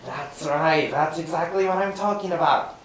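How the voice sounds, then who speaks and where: A man's voice: fairly high pitch, normal speed, recorded from a distance, natural voice. A man voicing a bumbling, eager young man who pleads sheepishly with a friend, in rakugo storytelling. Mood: earnest. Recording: very echoey room from afar, faint hiss.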